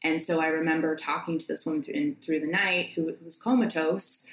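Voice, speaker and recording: Low-voiced woman in her 30s telling stories, halting, lots of likes, echoey room. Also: fairly even intonation, a little hiss or hum. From United States. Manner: heartfelt, halting with many restarts and "like" fillers. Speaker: podcast guest, nurse practitioner. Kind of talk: casual conversation.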